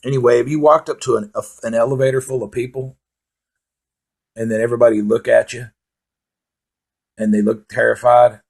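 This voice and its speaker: Guy rambling through crude stand-up, super gravelly, husky voice. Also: mid-range voice, level tone, fairly quick, pauses often. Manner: rambling, profane, full of fillers. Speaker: comedian. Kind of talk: stand-up monologue.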